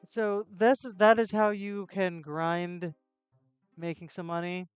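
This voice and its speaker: A woman's voice: fairly low pitch, little pitch movement, slow pace, clean tone, dry recording, soft background music. A woman live-streaming a game, chatting with jokes and self-deprecating asides into a close desk mic. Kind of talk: casual gameplay live stream.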